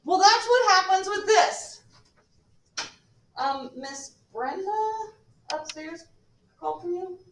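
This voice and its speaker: A woman teacher lecturing her class, animated and joking with her students, recorded from a distance in a classroom. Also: extremely high pitch, takes it slowly, long pauses, a little hiss or hum. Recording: echoey classroom from far off.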